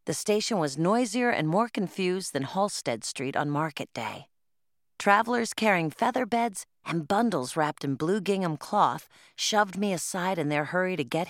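A woman's voice: lowish voice, dry recording, clean studio sound. A woman narrating an audiobook in first person, telling a plain story in the voice of a twelve-year-old girl.

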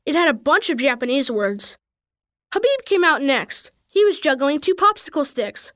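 A woman reading a children's story aloud with expressive, animated storytelling. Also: sits high, moderate pace, no room sound, studio quality. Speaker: reader.

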